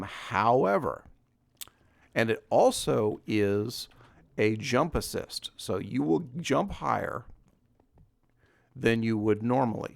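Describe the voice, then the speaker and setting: A man's voice: mid-range voice, gravelly, dry recording. A man with a scratchy voice giving casual, rambling gameplay commentary as a let's play host, chuckling at himself. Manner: rambling, self-deprecating, chuckles often.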